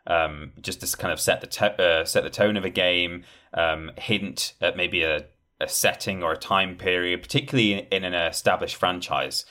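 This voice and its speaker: A man's voice: deep voice, moderate pace, pushed and bright. A man in casual podcast chat, rambling with many fillers and acting out quoted lines. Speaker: podcast guest discussing game trailers.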